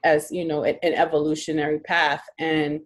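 A woman with a fairly low voice talks in a chatty, casual way. She laughs easily and uses plenty of fillers. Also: little pitch movement, moderate pace. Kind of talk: casual conversation.

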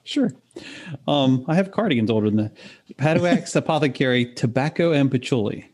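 A man co-hosting a casual chat, teasing with quick interjections. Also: mid-range voice, animated, darkish tone. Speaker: podcast co-host.

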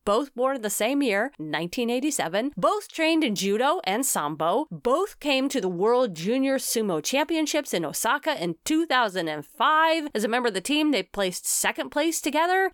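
A woman co-hosting a podcast in casual chat, animated and chatty, often ending her sentences with "okay?". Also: fairly high pitch, moderate pace, few pauses, smooth, no room sound, clean studio sound. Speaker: podcast co-host.

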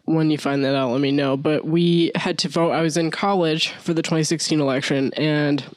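A man's voice: fairly high pitch, steady tone, moderate pace, no echo. A young man co-hosting a podcast in casual chat, rambling and laughing often, getting over an illness. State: recovering from illness. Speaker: podcast co-host.

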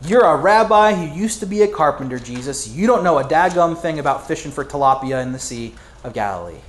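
A man's voice: on the high side, lively intonation, brisk, close to an everyday voice. A preacher voicing a weary, sarcastic fisherman. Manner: sarcastic, grumbling complaint. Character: exhausted, exasperated grown fisherman.

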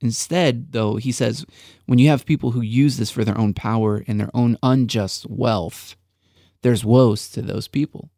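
Man, mid-pitch, gravelly, earnest faith-podcast co-host. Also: a little slow, mellow, dry recording, clean studio sound. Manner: earnest, preacher-like emphasis. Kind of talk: reflective faith podcast talk.

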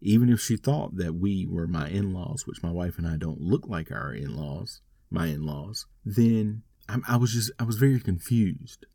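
A man's voice: deep voice, moderate pace, vocal fry, few pauses, dark tone, dry recording, clean studio sound. A man telling a rambling, wry personal story in a casual monologue. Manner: rambling, wry, self-deprecating.

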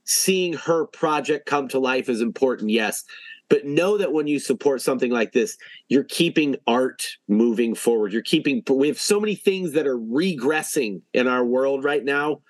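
A man's voice: medium pitch, lively intonation, normal speed, no echo, poor audio. Earnest man hosting a podcast, dry sound. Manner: earnest, repeats phrases for emphasis. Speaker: podcast host. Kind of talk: casual podcast interview.

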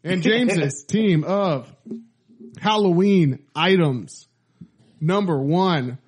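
A man's voice: high-pitched, takes it slowly. A man co-hosting a casual podcast, laughing often and reading lists in a mock announcer voice. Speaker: podcast co-host. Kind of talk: casual chat, reading out list.

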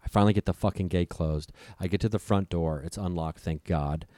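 A man's voice: low-pitched, fairly quick, dark tone, no echo, studio quality. A young man telling a frightening story in casual conversation, vivid and profane, acting out what people said. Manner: vivid, profane, acts out voices. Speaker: storyteller guest.

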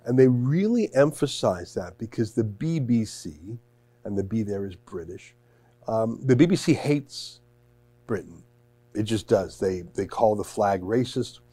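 A man's voice: on the low side, mellow, no room sound. A man hosting a commentary talk show, chatting casually and hesitantly, with many fillers and restarts. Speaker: host.

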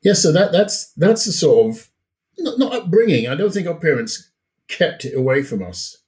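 A middle-aged man with a Jamaican accent mixed with British, telling stories as a guest in a casual conversation, relaxed and often laughing. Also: fairly high pitch, normal speed. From Jamaica and England. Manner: relaxed, laughs often, repeats words as he restarts. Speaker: podcast guest.

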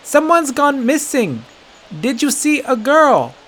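A man's voice: extremely high pitch, very animated, slow pace, a bit bright, slight background noise, voice pushed up, full character voice. A man voicing a young street rogue who speaks with urgent, bossy firmness.

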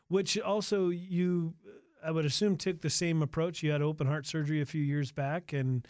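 A man hosting a radio talk show, chatting with a studio guest in a halting, filler-heavy way. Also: on the high side, darkish tone, no room sound. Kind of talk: casual radio interview. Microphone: studio microphone.

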